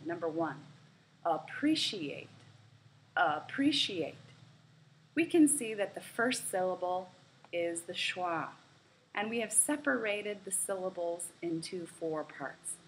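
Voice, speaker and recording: Slow, deliberate woman teaching pronunciation. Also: on the low side, fairly bright tone, slight background noise, poor audio. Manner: slow, careful over-enunciation, repeating words for drill. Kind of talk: instructional lesson narration.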